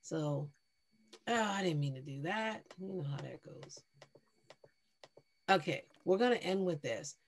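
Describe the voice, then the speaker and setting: A woman facilitating an online poetry workshop over a video call, affirming and conversational, quick to praise each reader. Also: deep voice, animated, a little hiss or hum.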